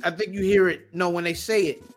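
A man co-hosting a podcast in casual chat, loud and exclaiming, laughing and swearing. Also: sits high, steady tone, fairly quick, faint music behind. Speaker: podcast co-host.

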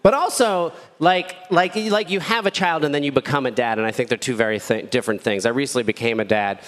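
A man in his thirties telling a rambling, self-deprecating stand-up story as a new dad. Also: a little fast. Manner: rambling, self-deprecating, with squeaky shouted quotes. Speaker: stand-up comedian. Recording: echoey hall with faint ambience.

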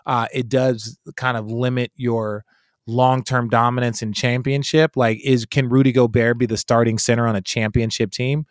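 Male host, casual sports banter, emphatic and animated, swears, dry close sound. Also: mid-range voice, moderate pace, no room sound.

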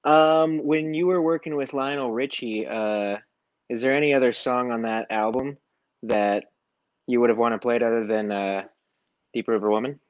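A man's voice: mid-range voice, fairly even intonation, normal speed, dry recording, lo-fi sound. A man calling into a live stream and asking a question hesitantly. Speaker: caller.

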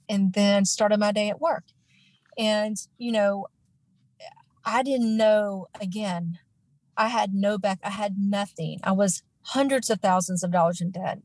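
A woman's voice: mid-range voice, a little mellow, no room sound, low-quality recording. An earnest woman in her forties tells her own life story as an interview guest, stopping and restarting often. She turns firm and emphatic when she repeats what she once said. The sound is dry and close. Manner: earnest, many fillers and restarts. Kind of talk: emotional personal storytelling.

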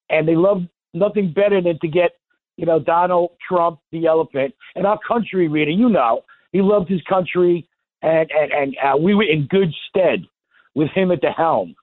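A man's voice: a little high, moderate pace, no echo. Rambling male caller over a phone line. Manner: rambling, folksy, indignant. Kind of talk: call-in talk radio. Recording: tinny dry phone line.

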